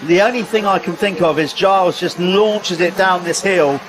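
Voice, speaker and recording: A man with a high voice offers chatty, jokey analysis of a motocross race. Loud trackside noise sits under his voice. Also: normal speed. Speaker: co-commentator and pit reporter. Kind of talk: live motocross commentary.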